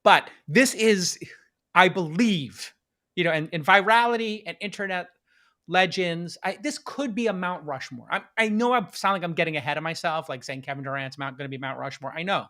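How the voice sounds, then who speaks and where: A man hosting a live-streamed podcast, talking excitedly and hyping up his audience. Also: high voice, brisk. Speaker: podcast host.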